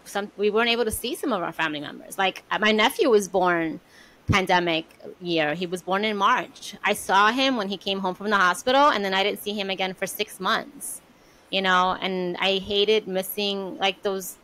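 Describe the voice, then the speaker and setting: A woman's voice: medium pitch, normal speed, bright, forceful tone, low-quality recording. Reflective woman co-hosting a chat. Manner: reflective, many fillers. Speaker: podcast co-host. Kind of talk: casual conversation.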